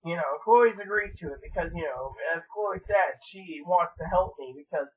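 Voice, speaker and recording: A man's voice: fairly high pitch, normal speed, breathy edge. A man who works as a minister, chatting casually and rambling between topics in a vlog. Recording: distant tinny phone-like sound.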